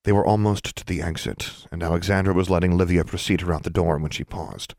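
Deep-voiced man narrating an audiobook. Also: creaky, no room sound, clean studio sound. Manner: even, measured storytelling, hushing for suspense. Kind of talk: scripted narration.

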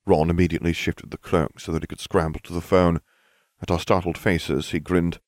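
A man narrating a story in an expressive reading. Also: low-pitched, a little fast, no room sound.

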